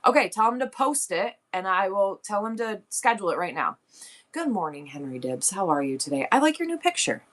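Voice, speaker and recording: A woman's voice: medium pitch, big pitch swings, a little fast, fairly bright tone. Chatty woman rambling on a livestream. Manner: chatty, rambling, laughs often, talks to viewers' comments. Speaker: livestream seller. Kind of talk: casual livestream chat.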